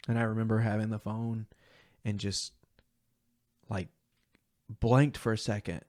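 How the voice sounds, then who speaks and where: A young man with a low-pitched voice recounts a painful memory as an interview guest, earnest and halting, slipping into the voices of the people he quotes. The sound is dry and close. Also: little pitch movement, a little mellow, no room sound. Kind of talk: emotional personal storytelling.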